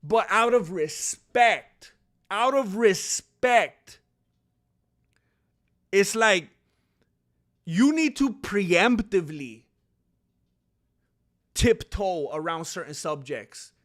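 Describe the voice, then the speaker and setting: A man with a high-pitched voice hosts a casual commentary show, telling stories with lots of energy. He acts out other people's lines in loud, lively voices and repeats words for emphasis. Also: drawn-out words, pauses often. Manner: animated storytelling, acts out quotes in shouty voices; frequent restarts and laughter, emphatic repetition. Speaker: channel host.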